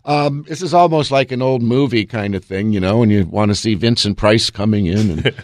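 A man's voice: on the low side, brisk, no echo. A man hosting a radio talk show as an estate and elder law attorney, chatting with listeners in a folksy way and reading legal statutes aloud. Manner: animated and folksy, keeps addressing listeners as folks. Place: radio studio.

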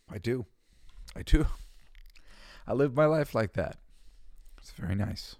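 Recorded dry, this lowish, slightly mellow male voice is expressive and a little slow, with long pauses. He's a California host giving a casual solo talk, tired, emotional and close to tears, rambling along and singing bits of songs.

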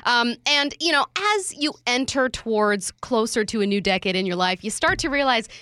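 A woman co-hosts a sports talk show, upbeat as she steers the segments. Her voice sits a little high and sounds bright, with a dry, close mic. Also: moderate pace, no echo. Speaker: sports radio co-host. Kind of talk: sports talk radio banter.

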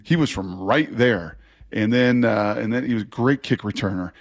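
Husky-voiced man rambling on sports radio. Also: lowish voice, normal speed. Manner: animated, rambling storyteller. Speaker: sports radio co-host, former player. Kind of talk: casual sports talk.

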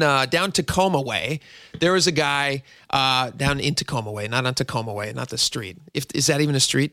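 Jokey, bright-voiced male radio host. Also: a little high, no echo, studio quality. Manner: jokey, self-mocking, chatty. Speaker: radio talk show host. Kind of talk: casual talk radio.

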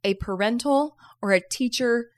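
A woman co-hosting a podcast in casual chat, playful and teasing. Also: on the high side. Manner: playful, teasing, quick with agreement. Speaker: podcast co-host.

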